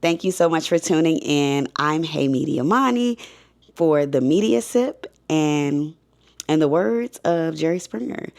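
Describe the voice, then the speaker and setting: A woman's voice: low-pitched, lively intonation, measured pace, creaky, a little mellow. A woman reviewing a TV series in a casual, enthusiastic way, chatting to viewers. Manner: enthusiastic, chatty, addresses viewers as y'all and baby. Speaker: show review vlogger.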